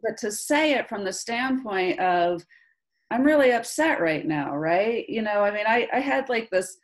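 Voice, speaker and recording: A woman's voice: medium pitch, a little slow. A woman in her forties leading a group coaching call, talking animatedly and often checking in with the listener. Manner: animated, keeps checking in with "right?". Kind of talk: casual coaching chat. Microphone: video call.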